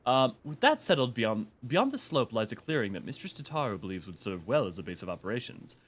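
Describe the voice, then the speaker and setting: A man's voice: mid-range voice, sing-song, a little fast, slight background noise, lightly acted. A man voicing a pompous, demanding little furry creature on a game stream, reading its lines in a haughty, mock-formal way. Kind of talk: reading game dialogue aloud in character.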